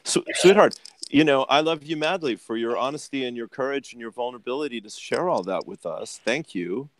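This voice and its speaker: A man's voice: medium pitch, expressive, fairly quick. A man hosting a spiritual webinar over a video call, affectionate and encouraging, laughing often. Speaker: webinar host and channeler. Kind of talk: casual group video chat.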